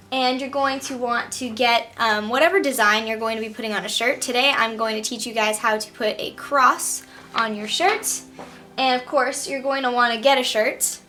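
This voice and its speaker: A young woman talks through a craft project step by step in a friendly, casual way, dropping in the odd um. Her voice sits a little high and rings bright and crisp. Soft music plays faintly underneath. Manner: friendly step-by-step explaining with frequent ums. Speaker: craft tutorial host. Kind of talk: casual DIY tutorial narration.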